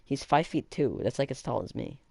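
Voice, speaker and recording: A man's voice: mid-range voice, animated, fairly quick, gravelly, darkish tone, breathy edge, no echo. A young man casually commenting while playing a video game, rambling and joking, often trailing off mid-sentence. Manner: rambling, jokey, trails off into blah blah. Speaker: gaming video host. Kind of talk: casual let's-play commentary.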